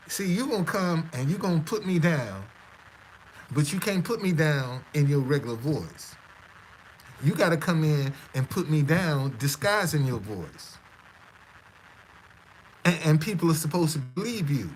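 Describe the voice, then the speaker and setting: Stammering, high-voiced man streamer. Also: slight background noise, low-quality recording. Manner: stammering, repetitive, defiant. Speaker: live stream host. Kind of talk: casual live-stream monologue.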